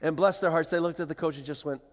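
A man's voice: fairly high pitch, quick pace. Older man telling stories in a big hall. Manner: animated, playful, acts out voices. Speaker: speaker. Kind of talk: humorous storytelling talk to an audience. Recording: long hall reverb.

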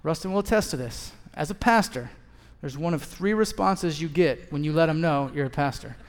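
A man's voice: a little high, normal speed. A man in his thirties preaching a sermon as a pastor, telling a story and acting out both sides of the conversation. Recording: long hall reverb.

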